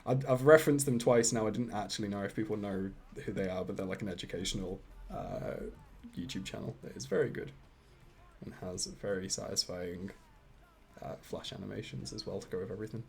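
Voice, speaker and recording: A man's voice: on the low side, brisk, gravelly, a little mellow. A British man chatting casually with his livestream viewers while he animates, rambling and chuckling between thoughts. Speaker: animator streaming live.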